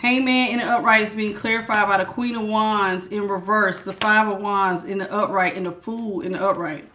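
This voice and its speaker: A woman doing a casual live tarot reading, chatty and lively, calling her viewers baby and honey. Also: mid-range voice, normal speed, a little hiss or hum. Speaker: tarot reader.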